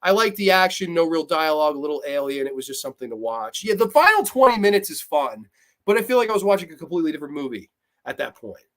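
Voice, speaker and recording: A young man hosting a livestream, reviewing films and reading chat comments aloud. His voice sits a touch high for a man. He talks bluntly and profanely, swings from groans to laughing rants, and mocks characters in quick put-on voices. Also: sing-song, fairly bright tone. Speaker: host.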